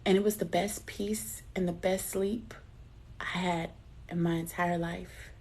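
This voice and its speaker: A woman's voice: lowish voice, fairly even intonation, unhurried, darkish tone, slight background noise. A middle-aged woman giving a live spiritual reading in a personal, chatty way. She laughs at herself and calls her listeners baby. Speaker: intuitive card reader.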